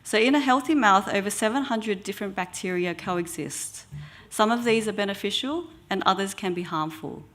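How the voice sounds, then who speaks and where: A woman, an oral health therapist giving an educational talk in a measured way with frequent ums. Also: medium pitch, fairly bright tone.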